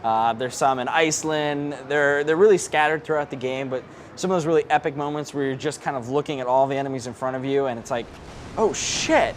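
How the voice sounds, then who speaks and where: A man's voice: mid-range voice, fairly even intonation, fast, slight background noise. A man hosting a podcast in a casual promotional chat, rattling off lists of features at an indoor launch event. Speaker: podcast host.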